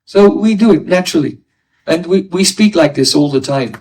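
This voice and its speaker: Male spiritual teacher, fairly high voice, caught by a distant mic, teaching a class with homely examples. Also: lively intonation, normal speed, a little mellow. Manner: explains with everyday examples, asks listeners "right?". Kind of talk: devotional class lecture.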